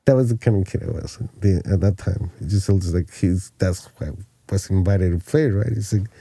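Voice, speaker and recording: Mexican guy in his 40s, low mellow voice, dry close sound, cussing and laughing through old stories. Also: brisk, vocal fry, breathy edge, no echo. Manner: laughing, swearing, animated anecdotes. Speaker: podcast guest. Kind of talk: casual storytelling chat.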